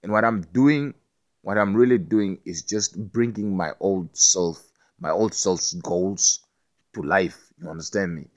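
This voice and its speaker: At a measured pace, a man with a fairly low voice rambles through a loose monologue. He stammers, repeats words, swears freely and keeps checking whether you understand him.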